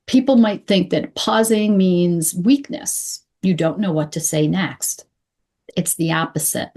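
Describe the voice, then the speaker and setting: A woman coaching clear English, speaking deliberately and modeling phrases slowly with pauses. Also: fairly low pitch, mellow. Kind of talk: instructional talk to camera.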